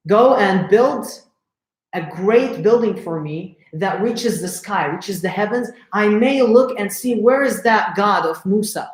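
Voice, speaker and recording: A man's voice: sits high, expressive, unhurried, roomy sound. A man voicing an arrogant male tyrant king who mocks and accuses, in a retold story. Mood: scornful. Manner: scornful, mocking.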